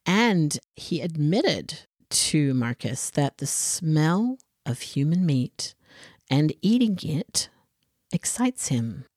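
A woman's voice: low voice, very animated, slow, darkish tone, no echo, clean studio sound. A woman co-hosting a true crime podcast, sarcastic and swearing, acting out people's reactions as she tells the story. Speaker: podcast co-host.

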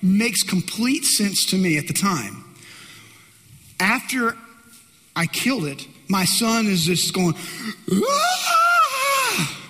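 Lively high-voiced preacher in a reverberant hall. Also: male voice, takes it slowly, long pauses, slight background noise. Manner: animated storytelling with humor. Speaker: pastor. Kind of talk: sermon.

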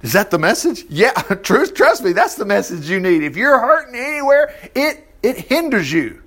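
A man's voice: high-pitched, normal speed. A man preaching in a folksy way, reading scripture aloud and breaking off into joking asides. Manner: folksy, animated, reads scripture then riffs with jokes and laughs. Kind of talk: conversational Bible teaching with asides.

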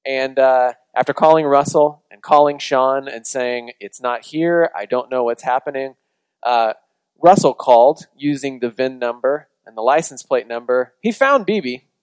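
A male pastor preaching a sermon in a relaxed, conversational way, often restarting his sentences as he tells his story. His voice sits at a medium pitch. The recording is dry and close, with no room sound around it. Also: normal speed, clean tone, no echo, low-quality recording.

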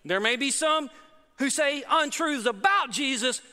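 A man's voice: very high-pitched, lively intonation, a little slow, bright, forceful tone, in a large hall. A male pastor preaching a sermon in a church, emphatic and repetitive.

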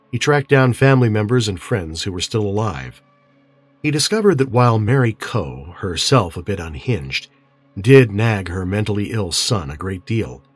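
A man guiding slow breathing in a soothing way, then reading a mystery as a calm bedtime story. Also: lowish voice, breathy edge, no room sound. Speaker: narrator and relaxation guide.

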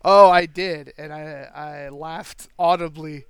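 A man with a fairly high, smooth and resonant voice, talking casually about films with a co-host. He is relaxed and jokey and leans on fillers. The sound is dry and close. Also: slow, dry recording. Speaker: podcast co-host. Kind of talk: casual movie chat.

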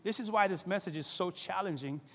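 Middle-aged male pastor, high voice, lively conversational sermon, long hall reverb. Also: brisk. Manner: conversational, animated, acts out quoted voices.

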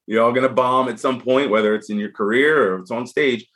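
A man speaks as a podcast guest in a mid-range voice, neither high nor low. He tells his story casually and with energy, and he often restarts his sentences as he goes. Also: a little fast. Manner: animated, frank storyteller with frequent restarts.

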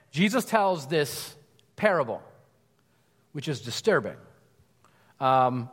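A man preaching a sermon, telling a parable in a conversational, animated way with frequent asides. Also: high voice. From United States. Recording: long hall reverb.

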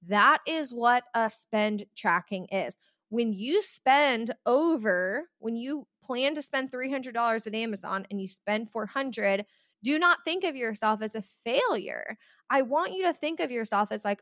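A woman's voice: mid-range voice, normal speed, fairly bright tone, dry recording, studio quality. A woman hosting a podcast in a chatty way, often acting out the voices of people she quotes. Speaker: podcast host. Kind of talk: casual podcast talk.

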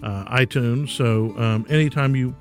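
A man's voice: medium pitch, measured pace, faint music behind. A man hosting a podcast, telling stories in a folksy, rambling way with frequent ums. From Texas. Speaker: podcast host. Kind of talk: casual solo podcast storytelling.

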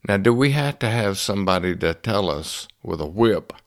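A man, telling a personal story in a folksy, homespun, unhurried way as a motivational speaker. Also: lowish voice, animated. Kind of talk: storytelling talk.

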